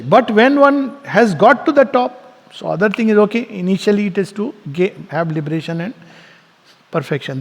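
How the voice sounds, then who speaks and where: A man giving a spiritual lecture, telling stories, asking rhetorical questions and laughing often. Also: sits high. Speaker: spiritual teacher. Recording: long reverb in a hall.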